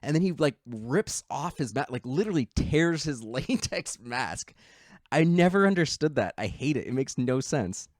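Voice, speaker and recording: Male podcast co-host, middle pitch, animated retelling, dry. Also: moderate pace, no echo. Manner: animated storytelling, acts out quotes. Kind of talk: casual chat.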